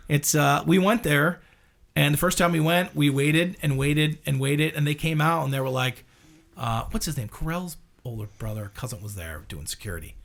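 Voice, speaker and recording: A man's voice: on the high side, moderate pace, gravelly, a bit bright. A man co-hosting a podcast, telling rambling, profane anecdotes in casual chat.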